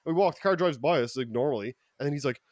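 Fast-talking, swearing Irish man. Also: medium pitch, dry recording, studio quality. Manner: animated, profane storyteller with sudden loud bursts. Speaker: podcast co-host. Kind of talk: casual podcast storytelling.

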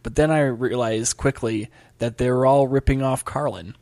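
A man hosting a casual comedy podcast, a stand-up comic who jokes freely and breaks into high mock voices. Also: moderate pace, darkish tone.

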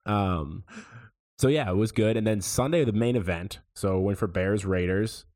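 Laid-back young man, lowish voice. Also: normal speed, a little mellow. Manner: laid-back rambling storyteller. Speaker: podcast co-host. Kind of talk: casual chat.

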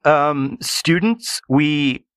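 A man's voice: on the high side, extremely slow, fairly bright tone, clean tone, no room sound, pitched above the performer's own voice. Man voicing a stern schoolteacher, formal grave delivery, dry sound. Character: stern middle-aged male math teacher.

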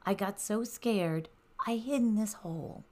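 A woman voicing a frightened little boy hedgehog in a storybook, speaking softly in a shaky voice. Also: mid-range voice, unhurried, voice pushed up, lightly acted. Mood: scared. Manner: shaky, soft, hesitant voice.

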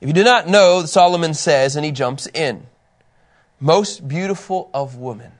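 Upbeat man with a higher voice teaching a Bible class and telling personal stories to the group. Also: normal speed. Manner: animated, chatty, often laughing at himself.

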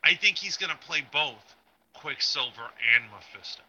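A man's voice: a little high, lively intonation, moderate pace, pushed and bright, muffled recording. A man co-hosting a casual pop-culture podcast, talking in a chatty, rambling way about rumors. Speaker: podcast co-host.

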